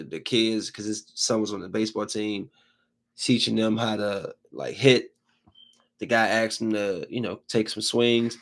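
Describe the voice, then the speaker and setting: A man's voice: on the low side, gravelly. A man hosting a podcast who rambles and recaps a movie in a casual, emphatic way. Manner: rambling, animated, emphatic storytelling. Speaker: podcast host. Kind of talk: casual chat.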